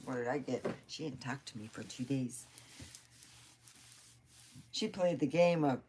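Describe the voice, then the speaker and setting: A woman's voice: rumbling low, unhurried, mellow, breathy edge. A woman telling rambling family stories in a casual vlog, laughing often and swearing now and then. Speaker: vlogger. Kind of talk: casual storytelling.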